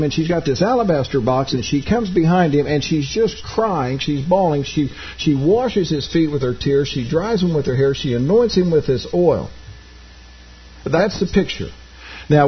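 A man's voice: on the high side, slightly rough, muffled recording. A man preaching a sermon, reading scripture aloud and explaining it in plain asides to his congregation. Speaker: pastor.

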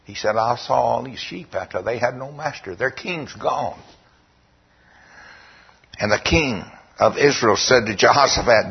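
Husky man preaching a sermon. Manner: storytelling, quoting scripture in a slow, lowered voice. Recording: dull lo-fi recording.

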